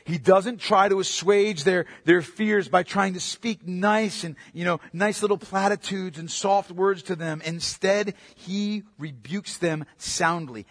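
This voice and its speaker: A man preaching a sermon in an emphatic way, swinging from loud to quiet. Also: high voice, a little slow, hardly any pauses, big-room sound. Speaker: pastor.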